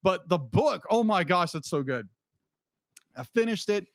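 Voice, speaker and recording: Man, podcast co-host, casual rambling chat, slightly high voice, dry close mic. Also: animated, unhurried, no echo. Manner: rambling, frequent restarts and "be like" asides.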